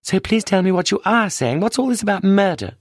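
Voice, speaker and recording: A woman's voice: medium pitch, expressive, brisk, no echo, pitched above the performer's own voice, close to an everyday voice. A man voicing a composed, sly middle-aged widow with a British accent in an audiobook. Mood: indignant. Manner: pleading, then dreamy sing-song.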